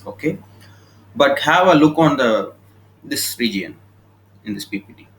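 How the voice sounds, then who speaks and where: Unhurried and a bit bright, this Indian man's medium-pitched voice swings widely in pitch as he teaches communication skills over slides. He explains informally and often checks "okay?" between points. The laptop recording is poor, with slight background noise.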